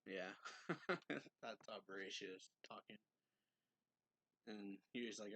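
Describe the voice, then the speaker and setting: A man casually recapping a manga chapter as a reviewer, retelling the story in a relaxed way with lots of fillers and little chuckles. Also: on the low side, slow pace, long pauses, husky, no echo.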